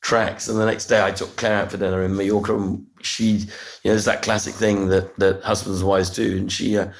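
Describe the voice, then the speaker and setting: A middle-aged man, telling a personal story as a podcast guest, earnest and halting, often restarting and repeating words. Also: fairly low pitch, little pitch movement, creaky. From United Kingdom. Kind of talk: reflective storytelling interview.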